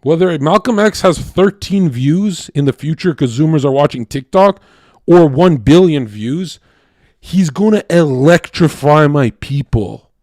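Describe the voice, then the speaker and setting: A man talking to his stream in a casual, animated and profane monologue, swinging between loud rants and quiet asides. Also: on the high side, a little slow, dry recording, studio quality.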